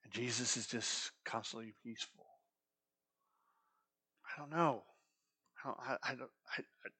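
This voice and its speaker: A man's voice: mid-range voice, fairly bright tone. A middle-aged man preaching a sermon as a pastor, talking conversationally and asking the congregation rhetorical questions.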